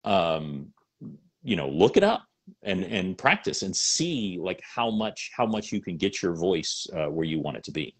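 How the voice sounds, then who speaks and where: A middle-aged man and voice actor chatting in an interview, animated and rambling with lots of fillers. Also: sits low, a little slow, husky. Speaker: voice actor and salesman. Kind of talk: casual interview chat.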